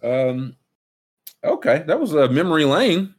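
A man co-hosting a casual chat, telling animated, slangy stories and acting out what other people said. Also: a little high, a little slow, slightly rough. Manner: animated storyteller, slangy, acts out quotes in voices.

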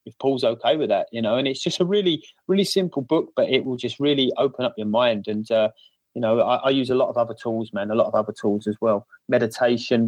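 A man's voice: medium pitch, no echo, poor audio. A man with an Essex accent talking earnestly as a podcast guest on a remote call, with many fillers and restarts. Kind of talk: casual podcast chat.

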